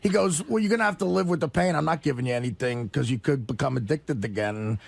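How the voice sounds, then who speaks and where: A man's voice: mid-range voice, fast talker, creaky, dry recording. A man on a radio talk show, telling a rambling, profane story and laughing through it. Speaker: regular guest comedian telling a story.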